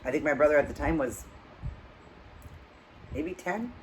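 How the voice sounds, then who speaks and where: A woman hosting her own channel tells a story loosely and chattily while eating, a little slow, in a low-quality recording with slight hiss or hum. She animates the retelling with acted quotes, growing louder and higher at tense moments and trailing off into low murmurs between them.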